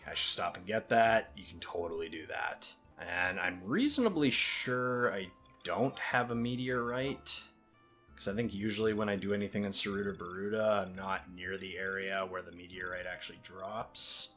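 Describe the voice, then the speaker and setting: A man hosting a gaming video, casually explaining as he plays in a relaxed way. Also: sits low. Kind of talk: casual let's-play narration.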